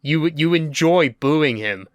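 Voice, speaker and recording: Smooth-voiced young man. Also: fairly high pitch, animated, takes it slowly, dry recording. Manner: sweary, wry, opinionated. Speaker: podcast co-host. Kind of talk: casual podcast chat.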